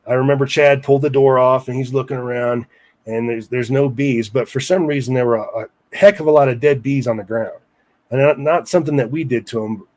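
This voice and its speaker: A man's voice: mid-range voice, a little mellow. Guy telling a long story in an interview, talks loose and chatty, asides to listeners. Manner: rambling, with many restarts and asides to listeners. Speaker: guest storyteller.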